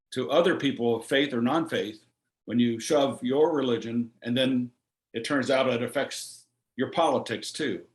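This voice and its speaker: A man club member giving blunt, critical remarks with hesitant starts. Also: medium pitch. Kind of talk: discussion remarks. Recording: roomy echo.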